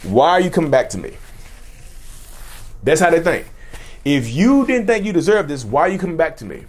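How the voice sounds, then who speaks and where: A man's voice: fairly high pitch, very animated, a little fast. A man giving casual talk-to-camera commentary on mental health, speaking straight to his viewers and often repeating and restarting his phrases.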